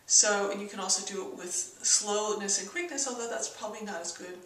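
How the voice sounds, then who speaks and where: A woman's voice: mid-range voice, brisk, a bit bright, roomy sound, recorded from a distance, rough recording. A woman teaching persuasion in an instructional video, stopping often to act out the tone of example sentences. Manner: demonstrates tone shifts in example sentences.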